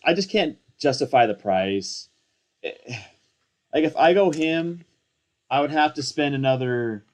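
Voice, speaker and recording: A young man in casual commentary, excitable and rambling, slangy and self-mocking, hyped up on coffee. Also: mid-range voice. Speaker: fantasy football content creator.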